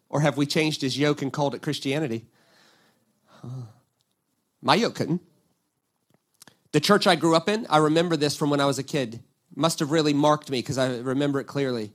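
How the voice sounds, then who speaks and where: A pastor delivers a sermon, recounting a Bible story with lively, acted-out quotes and often tossing "right?" to the congregation. His voice sits a little high, and he speaks at a normal speed with long pauses.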